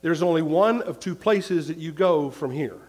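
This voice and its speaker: A male pastor preaching a sermon, repeating his points and swinging between loud and hushed. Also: fairly high pitch, animated, moderate pace, slightly rough.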